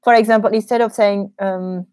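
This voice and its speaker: The female teacher's medium-pitched voice is steady, darkish, clear and resonant, at normal speed, with no room sound. Chatting live from a small office studio in a Q&A, she has a French accent, teaches French, and laughs easily amid frequent ums.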